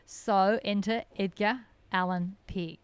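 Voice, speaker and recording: A woman's voice: medium pitch, fairly even intonation, slow pace, smooth, no room sound. A middle-aged woman, founder of an animal sanctuary, telling stories in a podcast interview in an earnest, enthusiastic way and laughing often. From Australia.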